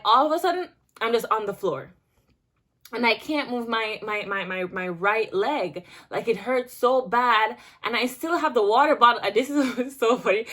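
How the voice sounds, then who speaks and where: A young woman vlogger with a mid-range voice tells a casual storytime, chatty and animated, restarting often and using many filler words.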